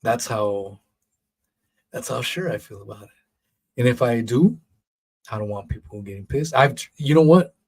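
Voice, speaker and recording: A man hosts his own podcast, talking solo in a casual monologue that's blunt, profane and rambling, and he mocks others in put-on voices. His voice sits in the mid range with a darkish, breathy edge. He talks at normal speed but leaves long pauses.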